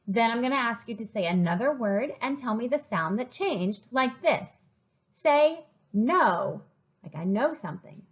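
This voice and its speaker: A woman teaching a phonics lesson to young children, sounding out words slowly and praising often. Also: fairly high pitch. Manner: slow, drawn-out sounding of words; upbeat, encouraging. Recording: dull lo-fi recording.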